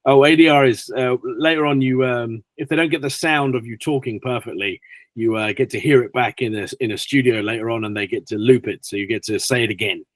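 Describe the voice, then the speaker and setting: A British man, an actor, chatting as an interview guest and telling lively stories with acted-out quotes. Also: medium pitch, brisk, no echo. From Britain. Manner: animated storyteller acting out quotes. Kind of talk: casual interview chat.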